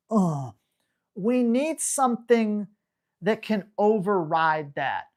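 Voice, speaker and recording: Speaking slowly in a mid-range voice, a female dog trainer fields questions from viewers live. Her coaching style stays casual yet full of energy and emphasis.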